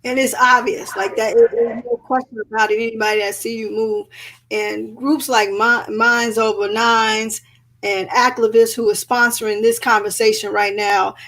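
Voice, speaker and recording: Attentive woman interviewer, fairly high voice. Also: level tone, normal speed, fairly bright tone, low-quality recording. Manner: attentive, affirming. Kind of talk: interview questions.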